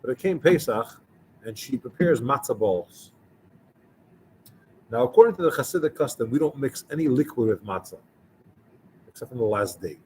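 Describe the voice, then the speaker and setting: A man's voice: mid-range voice, animated, moderate pace, long pauses, dark tone, a little hiss or hum, poor audio. A man speaking as a rabbi, telling a story in a conversational sermon and acting out the dialogue of its characters. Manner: conversational, acts out the dialogue of the people in his story.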